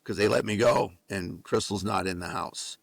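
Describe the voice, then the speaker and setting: A man from New Mexico, a guest author and musician, telling an animated story on a podcast with a lot of swearing. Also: lowish voice, moderate pace, gravelly, dry recording. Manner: animated storyteller with frequent profanity. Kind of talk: casual storytelling.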